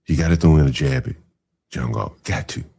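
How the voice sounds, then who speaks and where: Deep gravelly man, mocking commentary. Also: brisk, mellow. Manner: mocking, incredulous asides with frequent fillers. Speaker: podcast host reacting to clips. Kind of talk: casual commentary.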